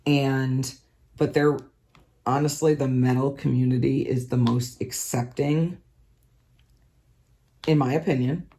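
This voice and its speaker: Hoarse woman chatting casually. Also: rumbling low, fairly even intonation, takes it slowly, long pauses, dark tone. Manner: rambling, lots of ums and likes. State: hoarse, scratchy throat. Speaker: craft vlogger. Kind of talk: casual chat.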